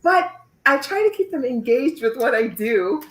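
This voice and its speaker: A woman's voice: sits high, lively intonation, moderate pace. Talkative woman in an echoey room. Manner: talkative, laughs often, tells stories. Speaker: teacher and guest.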